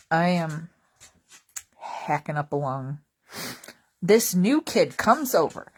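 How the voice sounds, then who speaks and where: A woman with a slightly low voice talks casually to her viewers in a vlog. She tells stories with a wry, joking tone and wanders off into asides. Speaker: vlogger. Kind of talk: casual comedic storytelling.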